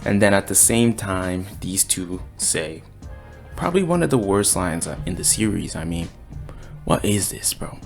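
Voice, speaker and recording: A man giving a casual, excited chapter review, talking in slang and acting out the characters' lines. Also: sits low, measured pace, creaky, soft background music. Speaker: anime and manga reviewer.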